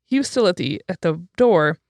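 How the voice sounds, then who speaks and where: A woman's voice: lowish voice, expressive, moderate pace, a little mellow, no echo, clean studio sound. A woman co-hosting a podcast, telling stories in a frank, chatty way with plenty of fillers and the odd swear. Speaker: podcast co-host. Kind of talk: casual conversational storytelling.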